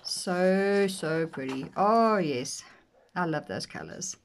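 A woman vlogger gushing over a planner in casual commentary, often dropping to soft near-whispers. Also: lowish voice, animated, takes it slowly. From South Africa. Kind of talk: casual flip-through commentary.

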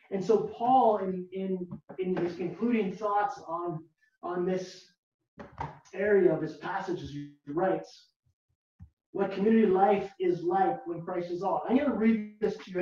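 A pastor preaching a sermon slowly and emphatically, repeating key words and asking the listeners rhetorical questions. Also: mid-range voice, warm tone. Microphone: video call, far from the mic. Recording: very echoey, distant, dull lo-fi video call audio.

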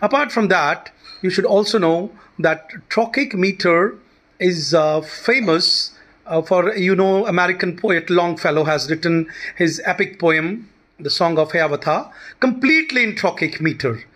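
A man, teaching a short lecture on poetry and pausing often with fillers. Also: high-pitched, fairly bright tone. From India. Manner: explanatory, many fillers and restarts.

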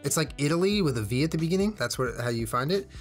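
A man's voice: on the high side, animated, fast, faint music behind. A young man casually chatting in a vlog, rambling with jokey, self-deprecating asides as he shows off his jewelry. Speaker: streamer showing his jewelry. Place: indoors at home, on camera.

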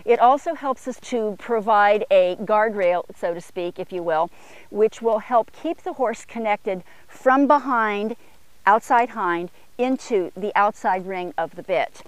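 A woman horse trainer explaining longeing technique between short commands to a horse, her voice rising in pitch for upward gaits. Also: a little slow, no echo. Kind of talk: instructional demo while longeing a horse. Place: outdoor arena corner.

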